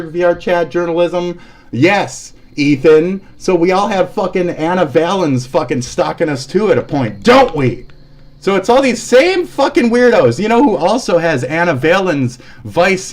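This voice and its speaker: A young man streaming live, ranting with constant swearing, swinging between heated outbursts and low muttering. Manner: heated, swearing, shouting insults then dropping low and muttering. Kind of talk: angry profane rant on a live stream.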